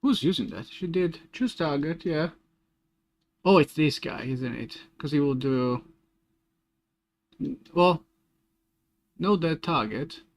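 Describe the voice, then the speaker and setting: A man streaming game development, thinking aloud in a casual, halting way as he works through code. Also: a little high. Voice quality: muttering to himself, halting restarts.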